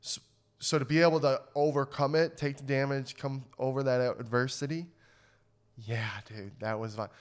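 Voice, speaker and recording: Brief: young male podcast co-host, resonant clear voice, profane and fired up. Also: medium pitch, steady tone, normal speed. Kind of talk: casual chat.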